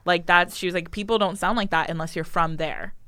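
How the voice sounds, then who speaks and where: A young woman co-hosts a casual podcast chat in a smooth, resonant voice that sits a little low. She talks animatedly and laughs often. The sound is close and dry. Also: fairly even intonation, a little fast, pushed and bright, no room sound. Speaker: podcast co-host.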